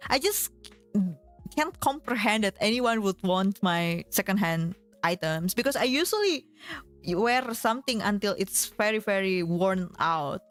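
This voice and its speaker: A woman's voice: mid-range voice, animated, unhurried, soft background music. A woman streamer in casual chat, giggling often and filling her talk with fillers.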